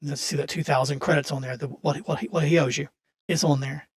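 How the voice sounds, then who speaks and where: A man's voice: fairly high pitch, fairly even intonation, fast. Casual game master, a man. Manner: casual, self-correcting, thinks aloud. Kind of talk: narrating a tabletop game.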